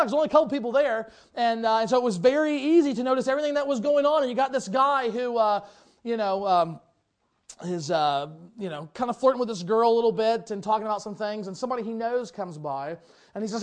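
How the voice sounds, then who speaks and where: High-voiced male preacher, animated. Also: fast. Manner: animated storytelling with big swings in pitch and loudness; drops to a low, quiet, earnest tone for exhortation. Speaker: pastor. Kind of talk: sermon.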